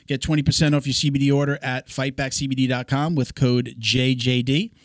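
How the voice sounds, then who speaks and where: A man's voice: mid-range voice, level tone, brisk, no room sound. A man hosting a podcast, talking loosely and casually with plenty of fillers into a close mic. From South Florida. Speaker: podcast host.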